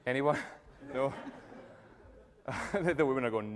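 A man giving a jokey, energetic talk to a live audience, telling stories and speaking directly to the crowd. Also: mid-range voice, takes it slowly, long pauses. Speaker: motivational speaker. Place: event room with tables and audience. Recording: long reverb of a large hall.

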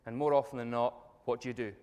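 A man giving a jokey, energetic talk to a live audience, telling stories and speaking directly to the crowd. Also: medium pitch, fast talker, smooth. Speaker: motivational speaker. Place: event room with tables and audience. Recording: long reverb of a large hall.

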